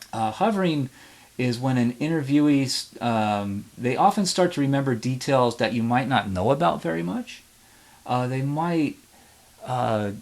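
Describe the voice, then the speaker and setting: A man teaching how to run interviews in an informal, conversational lecture, often pausing on fillers and restarting his sentences. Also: fairly low pitch. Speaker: history professor.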